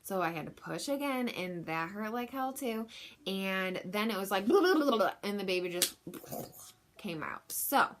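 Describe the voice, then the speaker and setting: A woman's voice: mid-range voice, lively intonation, moderate pace, a little hiss or hum. Chatty, frank young woman telling a story. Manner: chatty and frank, filler-heavy with lots of "like". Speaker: vlogger. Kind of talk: casual personal storytelling.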